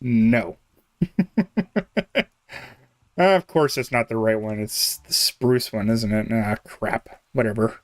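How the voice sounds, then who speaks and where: A man's voice: fairly low pitch, slow, long pauses, no room sound. A young man chatting casually on a game live stream, rambling, chuckling often and trailing off mid-thought. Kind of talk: casual live-stream chat while playing.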